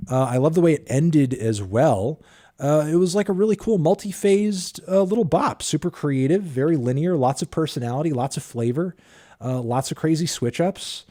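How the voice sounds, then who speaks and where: Brief: man, thirties, casual livestream music reviewer, mellow tone, swears a lot, rambles. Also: mid-range voice. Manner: sarcastic, profane, rambling with fillers.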